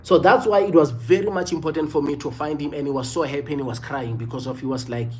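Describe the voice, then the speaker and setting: A man's voice: a little high, steady tone, fast, few pauses, slight background noise. Earnest South African man telling his story. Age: 30s. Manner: earnest, repeats phrases, many "you know" fillers. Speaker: livestream host. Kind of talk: reflective personal storytelling.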